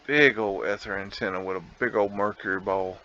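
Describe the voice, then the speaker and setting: A man's voice: fairly low pitch, steady tone, fairly quick, bright, forceful tone, dull audio, slight background noise. A man talking casually over a photo slideshow as host, musing aloud, laughing and rambling. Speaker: vlog host.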